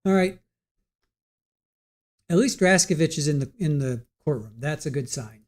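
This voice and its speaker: A man's voice: a little high, lively intonation, normal speed. A man hosting a live stream, chatting casually with viewers in the chat while he waits for a court hearing to resume. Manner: chatty, talks to viewers in chat, trails off and restarts. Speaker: livestream host. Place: home setup at a computer.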